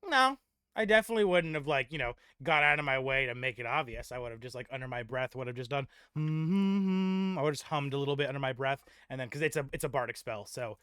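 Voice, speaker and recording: A man playing a tabletop game over voice chat, excitable, swearing freely and laughing often. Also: medium pitch, fast, clear, resonant tone, no room sound, clean studio sound. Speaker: player.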